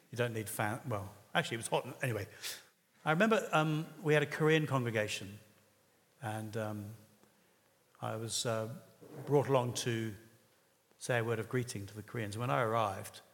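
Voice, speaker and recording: A man's voice: fairly low pitch, fairly bright tone, slight background noise. A man preaching a sermon in an earnest, conversational way, with occasional hesitations. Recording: reverberant hall.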